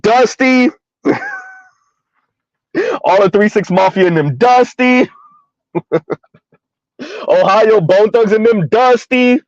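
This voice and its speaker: High-voiced man, laughing rant. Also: measured pace, pauses often, darkish tone, no room sound. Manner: repeats a punchline word with a high sing-song lift, laughing often. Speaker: commentary vlogger. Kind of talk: casual comedic rant. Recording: dry, dull lo-fi recording.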